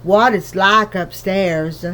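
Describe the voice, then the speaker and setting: A woman's voice: on the high side, lively intonation, a little slow. A woman doing a fretful tiny mother borrower. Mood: hushed. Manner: fussing, dramatic, easily upset.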